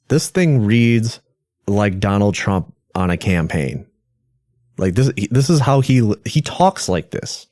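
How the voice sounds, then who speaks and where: Man, podcast host, casual commentary, wry, lowish voice, dry close recording. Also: a little mellow, no room sound. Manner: wry, self-deprecating asides.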